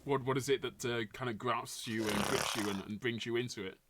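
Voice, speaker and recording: A man's voice: medium pitch, fairly even intonation, brisk. A man hosting a casual interview, asking long questions full of hesitations and repeated words. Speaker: podcast host. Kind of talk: casual interview chat while gaming. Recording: faint background noise, keyboard typing.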